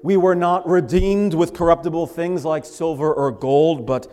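A man preaching a sermon in a fairly high voice, leaning hard into the scripture he quotes. His words ring out with a long reverb through a church sanctuary. His delivery stays emphatic throughout. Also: steady tone, moderate pace, warm tone. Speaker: pastor.

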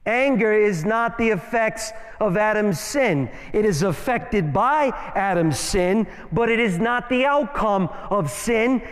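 A man preaching a sermon as a guest speaker in a church, emphatic and playful, with rhythmic rhyming phrases. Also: very high-pitched. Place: church sanctuary. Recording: long hall reverb in church.

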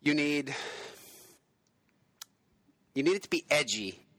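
A man riffing through an improvised comedy pitch, excitable and swearing freely as he spins out ideas. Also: slow, dry recording.

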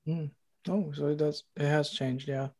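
Man, interviewer, slightly high pitch, gentle and halting questions. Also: flat delivery, no room sound.

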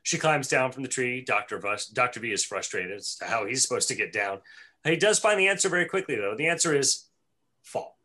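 A man's voice: medium pitch, lively intonation, brisk, bright, forceful tone. A man co-hosting a podcast, casually recapping a cartoon episode scene by scene and laughing often. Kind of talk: casual chat and plot recap.

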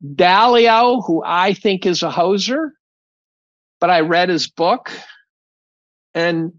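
A man's voice: high voice, slow pace, fairly bright tone, no echo, muffled recording. A man, a professor being interviewed, talking casually in a blunt, profane, rambling way with many restarts. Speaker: guest, chemistry professor.

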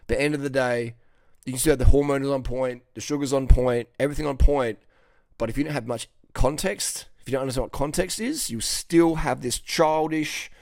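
A man's voice: mid-range voice, brisk, creaky, a little mellow, no room sound, studio quality. A middle-aged man from Western Australia, a coach talking bluntly and profanely, often asking "okay?". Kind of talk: casual monologue to camera.

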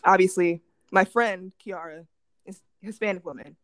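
Young woman podcast co-host, lively storyteller who acts out the quotes, dry close sound. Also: on the low side, normal speed, no echo. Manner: animated storytelling with lots of acted-out quotes. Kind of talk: casual podcast chat.

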